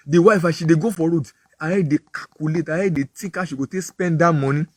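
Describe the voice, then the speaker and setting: A man's voice: on the high side, no room sound. A man with a Nigerian accent, a preacher giving a moral talk full of vivid, repetitive storytelling.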